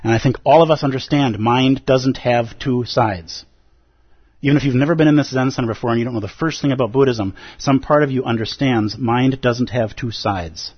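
A man teaching at a Zen center, giving an emphatic, animated dharma talk and acting out the inner voices of his listeners. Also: mid-range voice, moderate pace, husky, no echo, muffled recording. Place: Zen center meditation hall.

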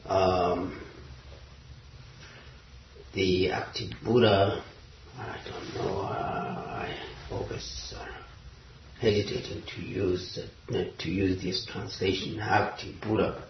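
Man, Zen talk, slow hesitant delivery, dull lo-fi recording. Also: low-pitched, flat delivery, slight background noise. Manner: halting, many pauses and fillers, searching for words. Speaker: Zen teacher. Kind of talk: dharma talk. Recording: roomy, distant, dull lo-fi recording.

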